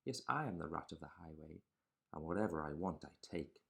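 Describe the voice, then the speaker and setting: A man doing a gruff greedy rat highwayman. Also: lively intonation, a little fast, fairly bright tone, full character voice. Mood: swaggering.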